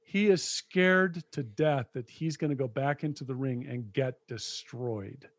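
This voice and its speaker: A man co-hosting a podcast, retelling film scenes in a lively conversational way. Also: mid-range voice, a little slow, no echo. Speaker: podcast co-host. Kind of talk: casual conversation.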